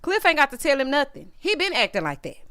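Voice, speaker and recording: A woman's voice: sits high, wildly swooping pitch, fast talker, sharp tone, no echo, studio quality. A woman with a Southern US accent giving a sassy, gossipy recap of a reality show, talking to viewers as honey and y'all. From Southern United States. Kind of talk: casual recap commentary.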